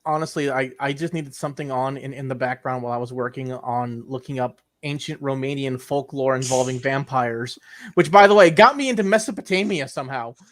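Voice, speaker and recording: A man's voice: mid-range voice, a little fast, fairly bright tone. A young man co-hosting a podcast, chatting casually in a rambling way with crude jokes and lots of repeated words. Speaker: podcast co-host. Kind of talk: casual chat.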